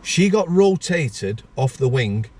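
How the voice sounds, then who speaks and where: A man's voice: medium pitch, sing-song, slow, darkish tone, a little hiss or hum. A man, hosting a casual chat show and telling blunt stories from his years as a prison officer, swearing freely. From England. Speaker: podcast host, former prison officer.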